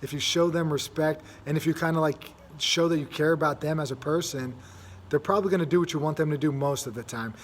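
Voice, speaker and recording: A man's voice: on the high side, quick pace, slight background noise. A young man hosting a casual monologue, rambling with many fillers and restarts. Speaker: host.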